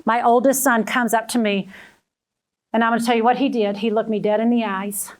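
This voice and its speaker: A woman's voice: a little high, fairly even intonation, a little fast. A middle-aged woman giving a motivational talk, telling personal stories and calling the audience "friends.". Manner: storytelling, addresses audience as friends. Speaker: keynote speaker.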